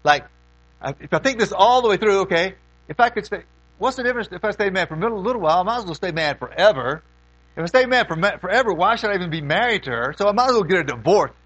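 A folksy middle-aged preacher, his somewhat high voice rising and falling widely as he moves from loud questions to hushed asides. A mains hum runs low under the sermon. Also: expressive, fast talker, no echo, poor audio.

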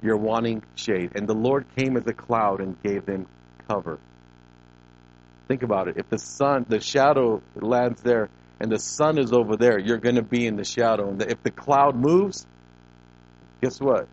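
A man's voice: on the low side, a little slow, a little mellow. A male pastor preaching a sermon, building to emphatic rises and stretching out key words. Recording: dull lo-fi recording with faint noise.

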